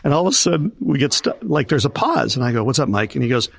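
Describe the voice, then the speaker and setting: Animated older man telling war stories. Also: medium pitch, fast talker, gravelly. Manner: animated storyteller acting out quoted voices. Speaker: concert promoter. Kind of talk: storytelling in an interview.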